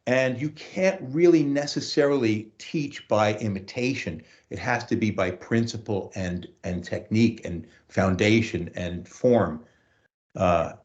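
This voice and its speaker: A man who teaches voice, talking through lessons and telling anecdotes in a relaxed interview. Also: on the low side, highs cut off. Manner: storytelling, acts out quotes, restarts often.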